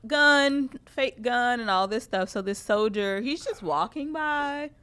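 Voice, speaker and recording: A woman's voice: fairly high pitch, a little slow, a bit bright, clean tone. A woman co-hosting a talk radio show, telling news stories in casual chat, swearing freely and laughing as she goes. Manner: profane, laughing storyteller.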